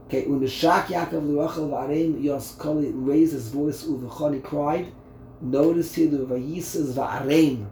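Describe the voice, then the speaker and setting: Gravelly, mellow-voiced man teaching a Torah class. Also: fairly high pitch, steady tone, unhurried, reverberant, a little hiss or hum. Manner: conversational, asks rhetorical questions, repeats words.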